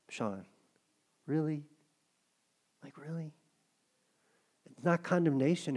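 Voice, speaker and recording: A man's voice: on the high side, darkish tone. A middle-aged male pastor preaching a sermon in a conversational, joking way. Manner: conversational preaching, jokes with the congregation.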